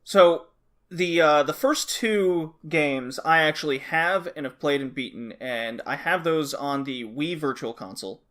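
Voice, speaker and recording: A man's voice: on the high side, unhurried, fairly bright tone. A man co-hosting a casual podcast, explaining things at length with restarts and frequent check-ins with his co-host.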